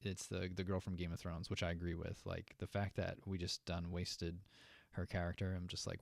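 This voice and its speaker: A man's voice: low-pitched, little pitch movement, normal speed, vocal fry, dry recording, clean studio sound. A man hosting a fan news show, chatting loosely with many fillers and asides, answering viewers from the chat. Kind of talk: casual commentary reading chat.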